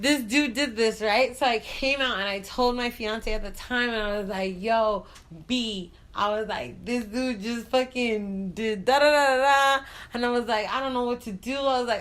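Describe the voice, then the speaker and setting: Brief: chatty woman talk host, frank and bubbly, bright tense tone. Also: medium pitch, slight background noise. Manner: frank and profane. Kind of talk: casual chat.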